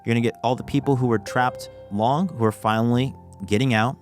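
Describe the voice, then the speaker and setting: A man's voice: mid-range voice, steady tone, brisk, soft background music. A man giving a casual screen-share trading lesson, walking through a chart and often saying "okay" as he restarts phrases. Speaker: trading educator.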